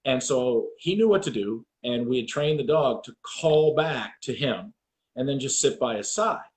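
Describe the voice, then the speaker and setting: An American man hosts a relaxed interview. He tells anecdotes with lots of energy, jumps up in pitch to act out other people's shouts, and swears casually. His voice sits at a mid pitch. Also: moderate pace, slight background noise. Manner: animated storyteller, acts out quotes, swears. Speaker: podcast host.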